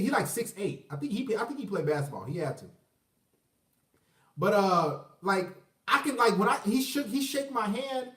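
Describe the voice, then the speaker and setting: A man's voice: high-pitched, fairly bright tone, far from the mic. Laughing, profane man ranting in a roomy space. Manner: profane, rambling, laughs often. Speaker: vlogger. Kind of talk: casual rant monologue. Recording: roomy, from the mic.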